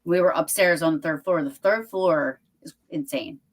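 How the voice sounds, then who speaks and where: A woman's voice: low-pitched, normal speed. A woman hosting a casual interview chat, talking in a chatty way with many fillers and restarts. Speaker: podcast host.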